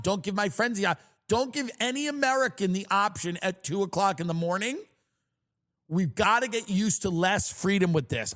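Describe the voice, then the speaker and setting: A man hosting a comedy podcast, ranting in a loud, mocking, exaggerated way. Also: high-pitched. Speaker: podcast host. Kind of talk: comedic rant.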